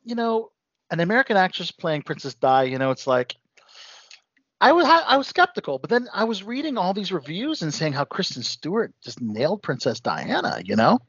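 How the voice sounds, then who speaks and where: Chatty man with a lively voice. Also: sits high, normal speed, breathy edge, no room sound. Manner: chatty, many fillers and "you know". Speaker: host. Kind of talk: casual movie news chat. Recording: dull lo-fi sound.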